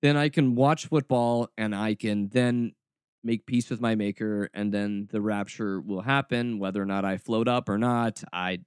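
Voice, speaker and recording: A man's voice: medium pitch, clear, resonant tone, dry recording, studio quality. A man hosting a podcast, talking in a sarcastic, snarky and mock-dramatic way in casual commentary. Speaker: podcast host.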